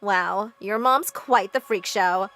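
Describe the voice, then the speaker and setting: A woman's voice: mid-range voice, takes it slowly, fairly bright tone, a little hiss or hum, voice pushed down. A woman voicing a mean teenage girl who speaks in a mocking drawl.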